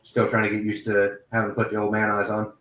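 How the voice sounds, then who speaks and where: A man's voice: on the low side, completely flat delivery, fast talker, a bit bright. Wry joking man, echoey and distant. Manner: wry, self-deprecating jokes. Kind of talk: casual interview chat. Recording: echoey, away from the mic.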